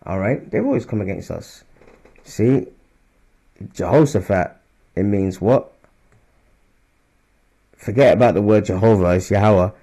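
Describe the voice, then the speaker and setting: This man's voice is lowish and dark, expressive, at a measured pace with long pauses. Teaching scripture informally, he talks loosely, keeps saying "all right?" and "man", and gets louder when he reads verses aloud.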